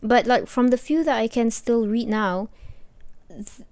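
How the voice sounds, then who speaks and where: A woman's voice: on the high side, measured pace, darkish tone. A young woman co-hosting a podcast in casual chat, chatty and rambling with lots of "like" and "you know". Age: young adult. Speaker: podcast co-host.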